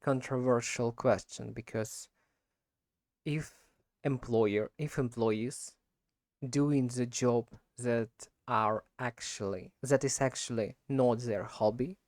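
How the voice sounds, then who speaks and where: Non-native guy practicing his speaking, gravelly voice, goes slow, keeps stopping to fix his words. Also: medium pitch, fairly even intonation, darkish tone, no echo, studio quality. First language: not English. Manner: halting, frequent self-corrections and repeats. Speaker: language learner practicing speaking. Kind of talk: unscripted spoken practice monologue.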